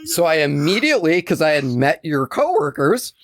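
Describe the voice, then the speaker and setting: A man's voice: on the high side, moderate pace. A man, a podcast co-host telling a long funny story in casual chat and acting out the voices of the people in it. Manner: animated, acts out quoted voices, swears freely.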